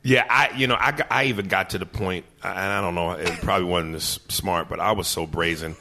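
A man who is a comedian and podcast guest, telling profane, animated stories in casual chat. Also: sits low, fairly quick, a little hiss or hum.

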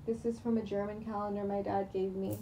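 A woman's voice: mid-range voice, little pitch movement, a little fast, background noise. A young woman rambling in a late-night monologue, sleep-deprived, with many fillers, restarts and casual swearing. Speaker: vlogger. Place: room at home at night. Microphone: screen recording on computer.

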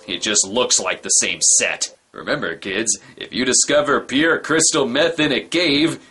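Sarcastic husky-voiced man reviewing a film. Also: lowish voice, sharp tone. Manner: sarcastic, wisecracking. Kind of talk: comedic movie review commentary.

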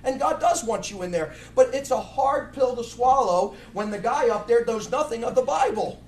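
A man's voice: very high voice, expressive, moderate pace. A middle-aged man preaching a blunt, fiery sermon with many restarts. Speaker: pastor. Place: church sanctuary. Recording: echoey room, mic far off.

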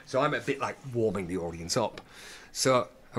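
A man, an actor guest, telling animated anecdotes in an interview, stumbling and restarting often. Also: fairly low pitch, husky. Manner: animated, halting with many restarts, acts out voices in quotes.

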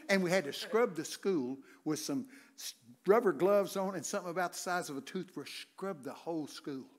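An older man preaching a humorous sermon, telling folksy stories and breaking into loud shouts. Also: a little high. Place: church sanctuary.

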